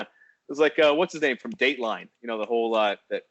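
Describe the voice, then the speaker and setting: Profane animated male podcast storyteller. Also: mid-range voice, quick pace, no room sound. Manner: swearing, animated, acts out voices in his stories. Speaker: podcast co-host. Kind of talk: casual storytelling chat. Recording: dry, dull lo-fi sound.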